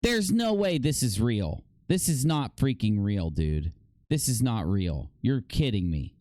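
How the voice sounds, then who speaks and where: A male livestream host keeps things casual but erupts into dramatic mock outrage, jumping to loud high shouts and repeating himself. His voice is sing-song and unhurried, recorded with clean studio sound and no room sound.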